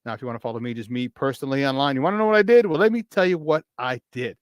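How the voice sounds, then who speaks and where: A man's voice: medium pitch, very fast, no echo. A man with a Chicago accent hosting a morning sports talk show, talking in a hyped, slangy, playful way.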